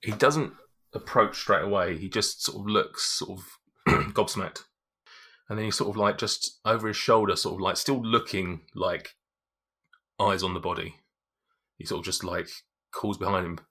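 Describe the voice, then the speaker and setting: A man with a low, husky voice narrating a tabletop game as game master. His tone is bright and forward, and he rambles along with lots of fillers. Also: fairly even intonation, normal speed. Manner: rambling, full of 'like' and 'um'.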